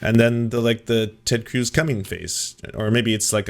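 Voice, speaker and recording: A man's voice: mid-range voice, animated, moderate pace. A man hosting a casual political commentary chat, joking and rambling with restarts. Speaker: host.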